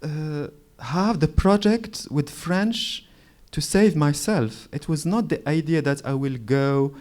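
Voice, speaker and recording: Slow-spoken man in his forties. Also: on the high side, darkish tone. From Morocco. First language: Moroccan Arabic. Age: 40s. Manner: searching for words, frequent restarts and pauses. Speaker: author speaking at a literary event. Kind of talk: reflective storytelling on stage.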